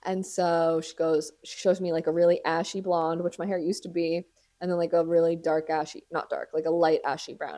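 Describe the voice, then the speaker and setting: A woman's voice: low voice, level tone, brisk, warm tone. A young woman hosting a podcast, telling a story in casual chat, dramatic and profane, laughing often. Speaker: podcast host.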